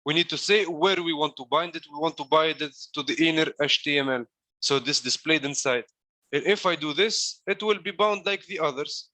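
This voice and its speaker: A man's voice: fairly high pitch, normal speed, bright, forceful tone, no room sound. A man coaching a class through code in a live walkthrough, explaining each step while demonstrating it. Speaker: coding coach.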